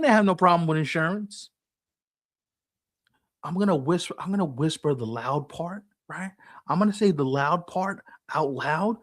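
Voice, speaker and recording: A man co-hosting a casual sports podcast, animated and acting out quoted people as he talks. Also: a little high. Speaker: podcast co-host.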